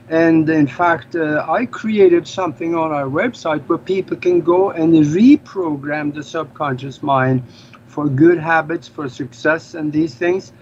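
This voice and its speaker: A man from Norway, speaking English as a second language, explaining things earnestly as an interview guest. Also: a little high. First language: Norwegian. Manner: earnest, explanatory, slightly non-native grammar. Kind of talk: casual interview talk. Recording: slightly dull lo-fi audio with faint noise.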